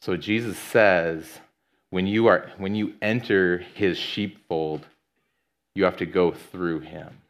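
A deep, low-pitched male pastor delivering a sermon. He talks in a loose, conversational way, dropping in casual fillers and asides as he explains a passage. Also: steady tone, takes it slowly.

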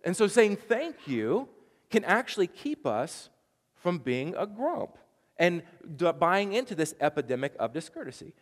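A man's voice: high voice, very animated, a little slow, big-room sound. A man preaching a sermon as pastor, telling a chatty story with frequent stammered restarts.

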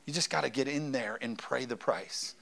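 A man's voice: medium pitch, moderate pace, creaky, a bit bright. A man in his thirties, a pastor preaching a sermon with emphasis and often calling out for an amen.

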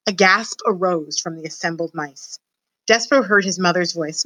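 Bright-voiced woman reading a story aloud. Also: fairly low pitch, moderate pace, no room sound, low-quality recording. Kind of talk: reading a children's novel aloud.

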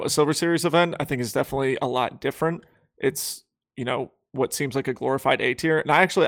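Male podcast co-host with a gravelly voice, talking things through in a measured, casual way. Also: mid-range voice. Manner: measured, explanatory, frequent "you know" and "like". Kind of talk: casual chat.

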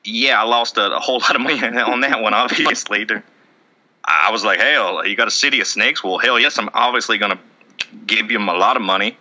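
A man's voice: fairly low pitch, a little fast, sharp tone, low-quality recording. A man improvising a rambling militia man who lives in the woods, with a shaky attempted Southern accent that keeps slipping. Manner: rambling, self-contradicting, wobbly put-on drawl. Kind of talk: improvised comedy bit.

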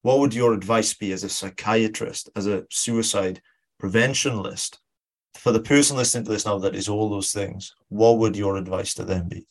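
A man hosting an interview, asking measured, supportive questions. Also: fairly low pitch. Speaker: podcast host.

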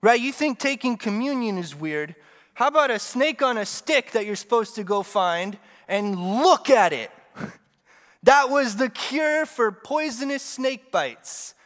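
A man preaching a sermon in a relaxed, conversational way, with joking asides to the congregation. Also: very high-pitched, a little slow, in a large hall.

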